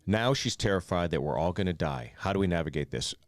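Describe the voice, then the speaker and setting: A man in his forties co-hosting a podcast, talking in a relaxed and earnest way. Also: low-pitched, fast, dry recording. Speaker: podcast co-host. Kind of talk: casual podcast chat.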